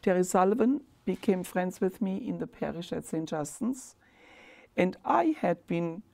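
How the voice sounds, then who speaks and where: Woman with a German accent, gravelly low voice. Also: lively intonation, measured pace, dark tone. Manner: earnest, reflective, careful phrasing. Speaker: former school principal. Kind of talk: reflective interview.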